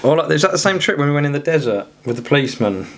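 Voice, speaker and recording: A man hosting a podcast in casual chat, chipping in quickly. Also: a little high, sing-song. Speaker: podcast host.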